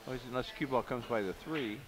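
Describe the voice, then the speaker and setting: A man's voice: medium pitch, fast. A man doing live commentary on a pool match in a pool hall, thinking aloud about each shot. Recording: noisy live venue stream.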